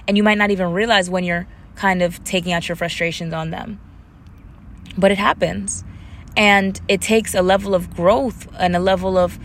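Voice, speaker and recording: Animated woman podcaster, casual talk. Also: on the low side, fairly quick, slight background noise. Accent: African American English. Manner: animated, switches into playful voices quoting her mother. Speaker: podcast host.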